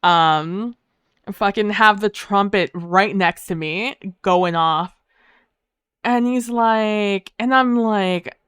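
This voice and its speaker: A woman chatting casually on a livestream, her voice smooth and clear. The sound is dry and close, with no room around it. She swears freely, speaks in quick, heated bursts and leans on "um" and "like". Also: mid-range voice, fairly bright tone, dry recording. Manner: frequent fillers like "um" and "like". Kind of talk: casual storytelling to a live chat.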